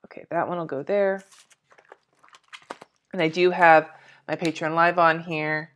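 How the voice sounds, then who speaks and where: A woman's voice: sits low, steady tone, unhurried, fairly bright tone, dull audio, a little hiss or hum. A woman in her forties, chatty and scattered, talking to herself and to viewers while she decorates a planner on a live stream, swearing casually. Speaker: planner vlogger.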